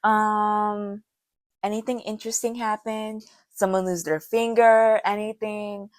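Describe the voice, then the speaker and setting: Hoarse, rambling young woman vlogger. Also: flat delivery, unhurried. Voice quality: deep-sounding voice. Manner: rambling, chatty, self-mocking. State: hoarse from karaoke. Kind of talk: casual baking vlog chat.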